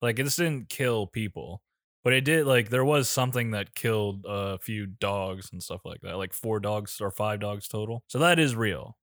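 A man's voice: fairly low pitch, normal speed, a bit bright, no echo, clean studio sound. A man co-hosting a casual chat, reading out a spooky story from a wiki page with joking asides. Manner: reads aloud from a wiki page with jokey asides, laughs often. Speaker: podcast co-host.

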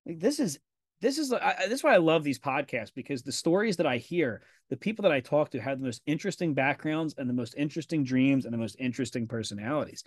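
A podcast host in casual conversation, this man has a slightly high voice with lively intonation and talks fast. The clean studio recording has no room sound. He's candid and profane, telling stories and performing the dialogue he quotes.

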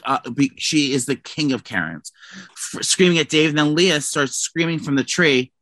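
A man's voice: on the high side, normal speed, fairly bright tone, no echo. A man co-hosting a casual gossip podcast, telling a profane, rambling story full of restarts. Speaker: podcast co-host.

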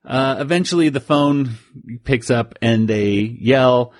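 A man co-hosts a casual podcast chat, recapping a story as he goes. He keeps interrupting himself, laughs often and sounds mildly flustered. His voice sits at an ordinary pitch in a dry, close recording. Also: takes it slowly, darkish tone, dry recording. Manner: rambling, self-interrupting recap with frequent laughs. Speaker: podcast co-host.

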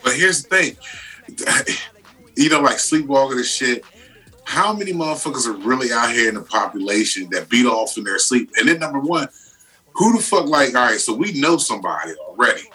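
A man co-hosting a podcast, talking in a crude, animated, casual way. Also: mid-range voice, brisk, recorded from a distance, low-quality recording. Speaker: podcast co-host. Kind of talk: casual chat.

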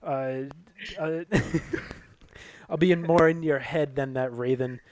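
A man's voice: mid-range voice, slow pace, no room sound, lightly acted, poor audio. A man voicing a gloomy poet turned wrestler, taunting and laughing through improvised trash talk. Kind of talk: improvised comedy role-play.

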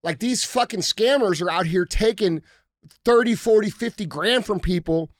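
A man's voice: sits high, normal speed, no echo, studio quality. A man hosting a podcast in casual talk, ranting bluntly and heatedly with plenty of swearing. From United States. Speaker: podcast host.

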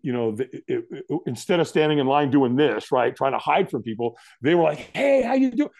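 A man's voice: fairly quick, creaky, no room sound, studio quality. A middle-aged man, a guest in an interview, telling a story and acting out what people said to him. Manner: animated, acts out quotes with big pitch jumps.

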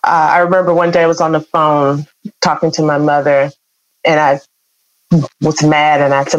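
A woman's voice: low-pitched, flat delivery, normal speed, lo-fi sound. A middle-aged woman, earnestly telling an emotional personal story as an interview guest. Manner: emotional, earnest, acts out quoted voices.

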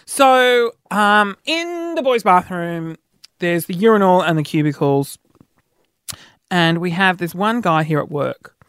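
A man's voice: expressive, slow pace, fairly bright tone, clear, resonant tone, no echo. Chatty man, dry close sound. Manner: chatty, self-mocking, acts out quoted dialogue with pitch jumps. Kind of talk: casual storytelling monologue.

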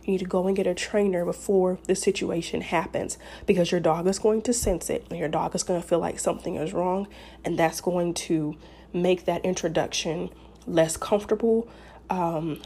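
Woman podcast host, relaxed mellow tone, chatty and rambling. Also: lowish voice, normal speed, gravelly, a little hiss or hum. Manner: chatty, rambling, many fillers and restarts. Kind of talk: casual advice talk.

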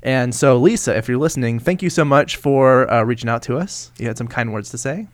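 A man's voice: mid-range voice, fairly quick, dry recording. Guy cohosting a podcast, chill, lots of ums and little laughs, dry close mic. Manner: relaxed, chuckles often, many fillers and restarts. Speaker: podcast co-host. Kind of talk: casual chat.

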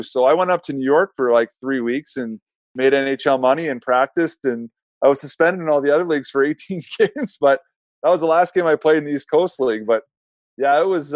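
A man's voice: on the high side, no echo. A middle-aged man, a former pro hockey goalie, telling a rambling, self-correcting story in casual talk and laughing at himself.

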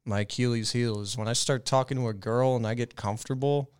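A man's voice: medium pitch, steady tone, a little fast, clean tone. A young man co-hosting a podcast, talking in a loose, profane, rambling way with lots of restarts. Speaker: podcast co-host. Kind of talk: casual podcast chat.

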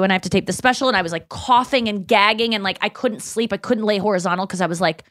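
Woman hosting a podcast, rambly and chatty, says like a lot, mid pitch, dry close sound. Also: fast, hardly any pauses, a bit bright, dry recording. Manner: chatty, rambling, lots of "like", acts out her own inner voice. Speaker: podcast host. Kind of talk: casual chat.

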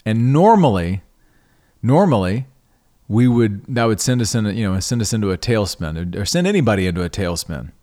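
A man's voice: fairly low pitch, moderate pace. A middle-aged man hosting a podcast, telling a personal story in a conversational way, often restarting and repeating words. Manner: conversational, restarts and repeats words, animated when quoting himself. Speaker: podcast host.

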